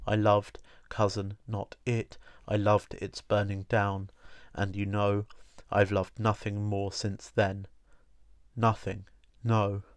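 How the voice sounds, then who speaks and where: A man reading literary prose aloud in a slow, meditative, repetitive cadence. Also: fairly low pitch, monotone, clear, resonant tone, no room sound, studio quality. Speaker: reader.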